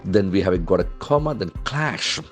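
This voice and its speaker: A man's voice: low-pitched, expressive, moderate pace, soft background music. A man teaching English vocabulary from the newspaper, spelling words letter by letter and explaining how each is pronounced. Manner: explains pronunciation and meanings methodically. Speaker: English language trainer.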